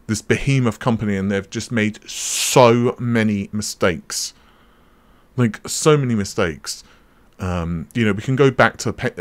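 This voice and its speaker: A man hosting a tech channel, talking casually and off the cuff, full of fillers, restarts and self-corrections. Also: on the low side. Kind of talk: casual unscripted commentary.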